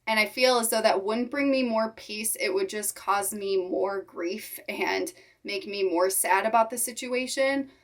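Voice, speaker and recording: A young woman talks straight to her followers in a heartfelt vlog. Her voice sits at an ordinary mid pitch, and she speaks in halting, sincere phrases while holding back tears. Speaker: reptile keeper vlogger. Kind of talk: emotional personal vlog talk.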